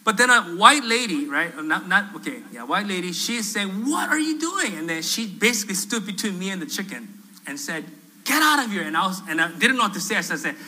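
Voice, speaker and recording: A male pastor telling a story in a sermon, animated and self-deprecating, acting out the voices of the people in it. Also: high-pitched, brisk, poor audio. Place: church sanctuary.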